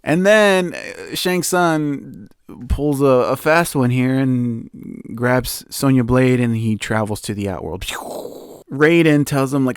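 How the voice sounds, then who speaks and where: A man's voice: medium pitch, slow pace, clear, resonant tone, no echo, clean studio sound. Rambling young man recapping a film. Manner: rambling, animated retelling with many fillers and laughs. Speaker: podcast host. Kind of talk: casual movie recap.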